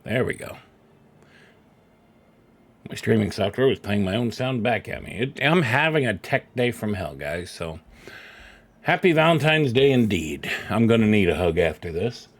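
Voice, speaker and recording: A man's voice: on the low side, animated, normal speed, long pauses. A middle-aged man streaming a video game, chatty and self-deprecating as he talks into a desk microphone at home. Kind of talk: casual live-stream commentary.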